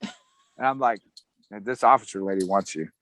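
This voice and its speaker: Relaxed and chuckling, a middle-aged former Army man shares his story in a casual interview, imitating the words of others. His pitch is fairly low and his pace moderate, and the dry recording sounds poor.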